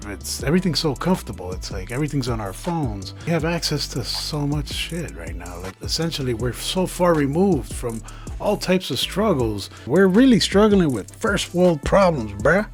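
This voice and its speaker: A man's voice: medium pitch, very animated, normal speed, soft background music. A young man in a casual comedic vlog, talking outdoors on a trail with joking, rambling, slangy asides. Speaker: backpacking vlogger.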